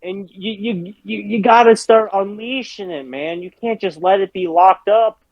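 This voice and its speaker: A man's voice: high-pitched, normal speed, dry recording, dull audio. A man co-hosting a casual sports podcast, ranting and cursing while gaming on a headset, a little drunk. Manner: profane, heated ranting. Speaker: podcast co-host.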